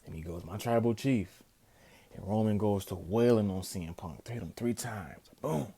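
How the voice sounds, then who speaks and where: In a casual review vlog, a man recounts a wrestling event with animated, emphatic storytelling. His voice is very low, dark and mellow, a little fast and slightly rough.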